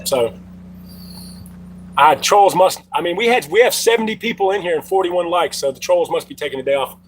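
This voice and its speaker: Livestream host: middle-aged man, slightly high voice, loose profane storyteller, faint hum behind. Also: brisk, rough recording. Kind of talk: casual livestream chat.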